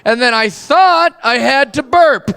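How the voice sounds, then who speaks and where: A man's voice: extremely high pitch, animated, takes it slowly. A man doing a stand-up set, telling profane stories brashly and acting out the people in them. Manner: brash, profane storytelling with quoted voices. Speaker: stand-up comedian. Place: comedy club stage. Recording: live club recording with audience noise. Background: audience laughter.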